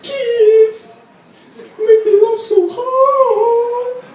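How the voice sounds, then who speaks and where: A man voicing a giddy young woman in a squealing, shouted falsetto during a stand-up set in an echoey venue. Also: fairly even intonation, very slow, dull audio, heavily acted. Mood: giddy shrieking. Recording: echoey venue, far mic, crowd noise.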